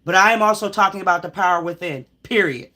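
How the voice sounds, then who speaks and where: A woman's voice: fairly low pitch, fast, bright, forceful tone, slight background noise. A woman giving a live tarot reading, talking straight at the viewer in an emphatic, preachy way, rambling with sighs and restarts. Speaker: tarot reader. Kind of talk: live tarot reading, spiritual pep talk.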